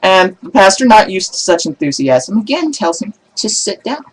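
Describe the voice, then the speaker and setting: Man telling jokes, animated storyteller. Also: high voice, normal speed, slight background noise, poor audio. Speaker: video blogger telling jokes. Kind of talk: casual joke telling.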